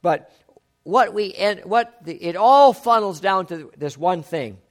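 A middle-aged man preaching a sermon, reading scripture and slowing to stress key phrases. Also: high-pitched, expressive. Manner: emphatic, slows and rises on key phrases. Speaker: pastor.

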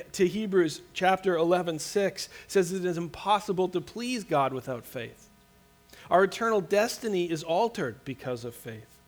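A man preaching a sermon as a pastor, with an earnest, conversational manner, frequent restarts and light laughter. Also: high-pitched.

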